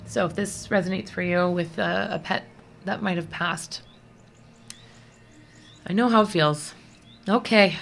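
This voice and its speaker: A woman's voice: lowish voice, a bit bright. A woman giving a casual tarot reading to her viewers, chatty and rambling with many fillers, and easily moved to emotion. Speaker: tarot reader.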